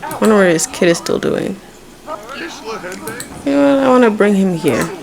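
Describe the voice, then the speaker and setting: A woman's voice: mid-range voice, lively intonation, moderate pace, creaky. A woman giving casual, rambling let's-play commentary as she plays, swearing freely and talking to her game characters. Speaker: gaming video creator.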